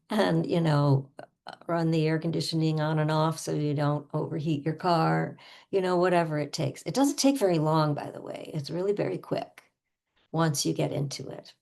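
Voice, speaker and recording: A woman coaching a guided tapping lesson, calmly naming tapping points and voicing frustrated phrases for listeners to repeat. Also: sits low, moderate pace, vocal fry. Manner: calm instructional, with acted frustrated tapping phrases.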